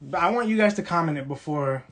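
A man's voice: a little high, lively intonation, fast, a bit bright. A young man from Brooklyn, casually hosting a livestream, reading the chat and teasing viewers playfully. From Brooklyn, New York.

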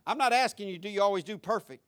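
A pastor in his 50s preaches a sermon in a church in a high-pitched voice and at a fast pace. He swings between loud passion and hushed intimacy, telling folksy stories packed with rhetorical questions.

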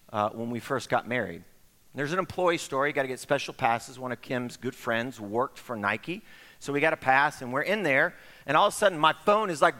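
A middle-aged man preaching a sermon as pastor, telling stories in an animated way and acting out the voices of the people in them. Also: on the high side. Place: church sanctuary. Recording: long hall reverb.

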